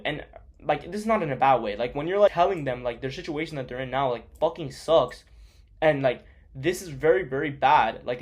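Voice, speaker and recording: A man's voice: on the high side, darkish tone. A young man coaching on sales in a blunt, profane, casual monologue, full of fillers.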